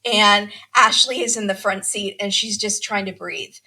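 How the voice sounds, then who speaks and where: A podcast host recaps a reality show in casual chat, telling a story and animatedly acting out quotes. Her voice is mid-range and her pace moderate.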